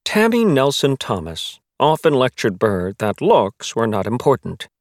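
A man reading a novel aloud as its narrator, telling the story in a measured, wry way. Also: mid-range voice, huge pitch swings, no room sound, studio quality. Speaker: audiobook narrator. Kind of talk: scripted narration.

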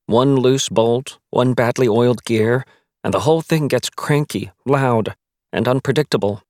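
A man reading a novel aloud as its narrator, telling the story in a measured, wry way. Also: mid-range voice, no room sound, clean studio sound. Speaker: audiobook narrator. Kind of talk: scripted narration.

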